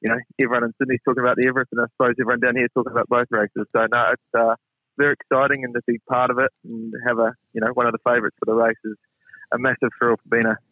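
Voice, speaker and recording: A man with a New Zealand accent calling in as a guest, modest and measured. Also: mid-range voice, level tone, dry recording. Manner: modest, measured, many fillers. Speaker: racing stable hand, guest. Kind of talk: phone interview. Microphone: phone. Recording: tinny phone line.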